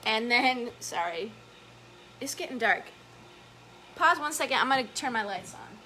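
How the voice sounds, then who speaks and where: A woman reading a picture book aloud to children as a story time educator, chatty and gentle, stopping to point at the pictures. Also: a little high, animated, moderate pace, a little hiss or hum.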